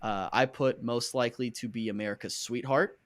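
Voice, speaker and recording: A man's voice: mid-range voice, fairly even intonation, brisk. A man hosting a podcast in casual chat, joking and rambling with fillers. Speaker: podcast host.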